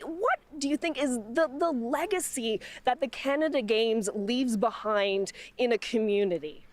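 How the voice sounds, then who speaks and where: A woman's voice: on the high side, measured pace, no echo. A woman reporter giving a live field report, enthusiastic. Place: outdoor street.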